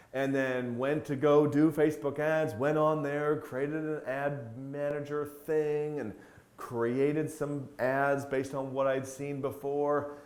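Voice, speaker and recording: A man hosting a casual talk to camera, telling stories with big swings in pitch and loudness and swearing bluntly now and then. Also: echoey room. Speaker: host.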